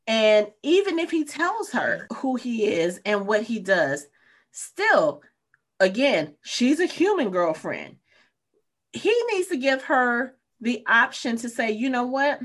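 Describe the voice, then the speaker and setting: Animated woman discussing a show. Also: fairly high pitch, slow pace. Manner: animated, acts out characters' lines. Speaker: podcast co-host.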